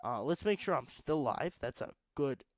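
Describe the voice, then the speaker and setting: A man's voice: medium pitch, expressive, normal speed, dry recording. A man streaming a block-building game late at night, rambling to himself in a tired, casual way while he builds. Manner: rambling, self-talking, tired but pushing energy.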